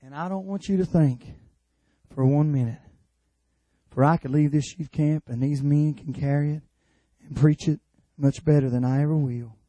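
A man preaching a sermon at a youth camp in an impassioned way, building from quiet appeals to shouted cries. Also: on the high side, moderate pace, dry recording.

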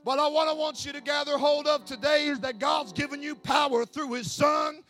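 High-pitched man preaching in sing-song shouts. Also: steady tone, normal speed. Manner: swings between hushed asides and shouted, sing-song preaching cadence. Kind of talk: sermon. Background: faint music from an accompanist.

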